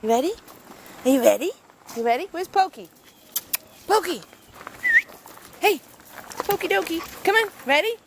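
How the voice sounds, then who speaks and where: A woman's voice: very high-pitched, big pitch swings, normal speed, pauses often. A woman at a kennel talking to dogs in coaxing, praising baby talk. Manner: sing-song, coaxing, praising. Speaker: kennel worker playing with dogs. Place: dog kennel play area. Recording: noisy with dogs around.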